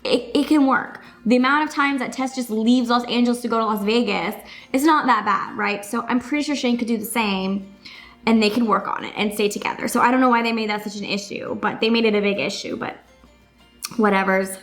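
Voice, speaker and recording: A woman talks through an episode recap in a loose, casual way, sprinkling "like" and "you know" all through her sentences. Her voice sits a little high. Soft music plays faintly under her. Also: brisk. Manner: chatty, full of "like" and "you know" fillers. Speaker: vlogger reviewing a TV episode.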